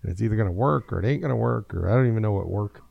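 Gravelly middle-aged male radio host. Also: fairly low pitch, lively intonation, rapid-fire, no echo, narrow, tinny audio. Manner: rambling, self-deprecating, laughs easily. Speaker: radio show host and father. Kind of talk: casual talk-show chat.

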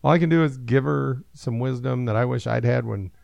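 A middle-aged man with a gravelly, fry-edged voice hosts a casual talk show, rambling through thoughts on parenting and laughing easily. His delivery is loose and self-deprecating. The sound is dry and close, like a studio mic. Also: medium pitch, a little fast, a little mellow, no room sound, highs cut off. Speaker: radio show host and father.

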